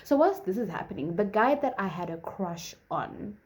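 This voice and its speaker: Young woman, twenties, warm mellow tone, casual storytime, chatty with lots of fillers. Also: mid-range voice, sing-song, normal speed. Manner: chatty, filler-heavy, acts out quoted dialogue. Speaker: vlogger.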